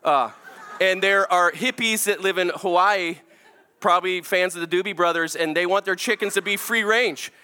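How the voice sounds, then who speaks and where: A man in his forties preaching to a congregation, telling a self-mocking family story with animated energy and then turning to a hushed, earnest point. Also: high voice, moderate pace, clear, resonant tone. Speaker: pastor. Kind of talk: storytelling sermon. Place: church, before a congregation.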